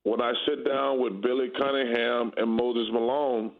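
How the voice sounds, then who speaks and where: A blunt, candid man in his fifties talks sports in a loose, emphatic way. His voice comes through a thin, tinny phone-like line that strips the low and high ends. His pitch sits in an ordinary middle range for a man. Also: flat delivery, normal speed. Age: 50s. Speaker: guest basketball analyst. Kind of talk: casual sports talk.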